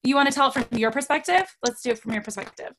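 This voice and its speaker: Middle-aged female podcast host, animated casual storyteller, bright higher voice. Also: quick pace, poor audio. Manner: animated, acts out quoted voices.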